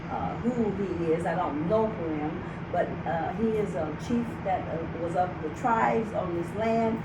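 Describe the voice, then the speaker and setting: A woman's voice: fairly low pitch, unhurried. A woman talking casually to her viewers about spirituality, rambling with many fillers and restarts. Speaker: channel host. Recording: echoey, distant, with background noise.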